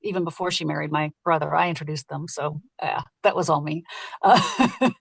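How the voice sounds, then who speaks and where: A woman who narrates audiobooks, talking casually and lively in an interview and laughing easily. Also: low voice, creaky, slightly rough, no echo. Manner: lively, chatty, quick to laugh.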